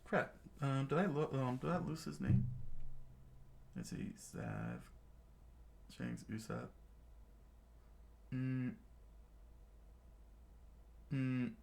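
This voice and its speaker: Speaking in a mid-range, darkish voice, a middle-aged man draws out his words in a sing-song way, with vocal fry and long pauses. He's a channel host commenting on manga, and his casual talk about a comic wanders, packed with fillers, restarts, and "you know what I'm saying."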